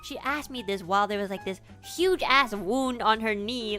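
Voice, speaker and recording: A young adult woman streamer telling a casual story in an animated way, swearing freely and laughing often. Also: mid-range voice, normal speed, few pauses, soft background music.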